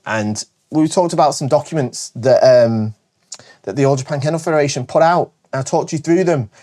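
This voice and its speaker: A man with a northern English accent hosts a casual question-and-answer video. He talks fast and eagerly and keeps correcting himself, and his voice sits a little high for a man. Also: warm tone. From Britain. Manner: fast, chatty and enthusiastic, with frequent self-corrections. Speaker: host.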